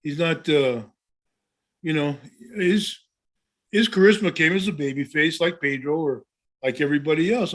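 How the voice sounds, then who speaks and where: A man in his seventies with a somewhat high, slightly bright voice speaks at a moderate pace. A former wrestler, he co-hosts a podcast and tells stories in casual chat, rambling along with lots of restarts and "you know".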